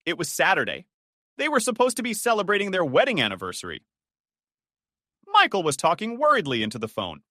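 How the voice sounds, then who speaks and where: A man's voice: high-pitched, wildly swooping pitch, fairly quick, long pauses, sharp tone, no room sound, clean studio sound. A man doing scripted dramatic narration in an emphatic manner.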